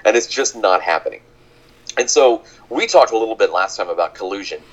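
A man's voice: on the low side, lively intonation, brisk, dull audio. A man co-hosting a podcast, talking in a thoughtful, hedging, analytical way. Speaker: podcast co-host. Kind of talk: casual chat.

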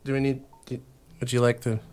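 A man's voice: mid-range voice, level tone, brisk, darkish tone. A man co-hosting a podcast, giving dry, teasing replies in casual banter. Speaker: podcast co-host.

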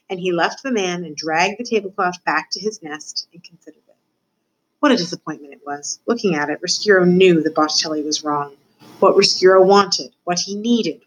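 A woman student reading a children's novel aloud, narrating with expressive voices for the characters. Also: medium pitch, poor audio. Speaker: student reader.

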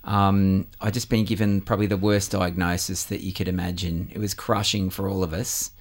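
A man's voice: low-pitched, level tone, normal speed. A middle-aged man, a musician guest in a radio interview, talking earnestly with many ums and uhs.

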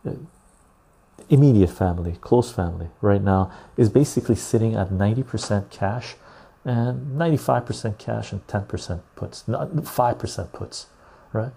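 Calm gravelly-voiced man. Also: on the low side. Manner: calm, unhurried, swears freely, laughs often. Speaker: podcast host reading live chat. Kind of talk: casual livestream chat.

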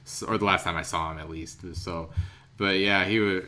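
A man's voice: low voice, steady tone, moderate pace, sharp tone, a little hiss or hum. A young American man on a podcast, telling a rambling travel story in a casual way, with lots of fillers and laughter. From United States. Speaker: podcast co-host.

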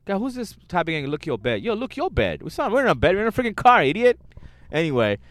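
A young man from Canada rambles through funny stories on a casual podcast recorded in a car. His pitch leaps wildly from high to low. The sound is close and dry, with no room echo. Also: wildly swooping pitch, fast. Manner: storytelling, laughing often, exasperated. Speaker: podcast co-host. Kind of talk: casual comedic banter.

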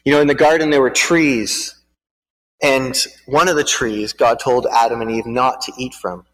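A man's voice: medium pitch, fairly even intonation, moderate pace, a bit bright. A man giving a sermon to a congregation. He halts and repeats words while speaking freely, then reads a storybook aloud. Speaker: preacher. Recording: long hall reverb.

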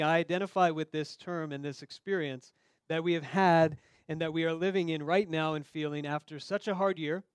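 A pastor with a high-sitting voice preaches a sermon conversationally, talking directly to his listeners and acting out the quoted dialogue in the story. The tone is clean, with no echo and studio-quality sound.

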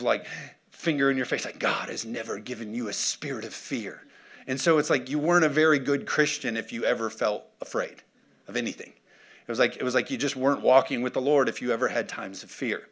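A pastor with a mid-range, fairly bright voice preaches a conversational sermon. He keeps checking in with the congregation and calling for their responses.

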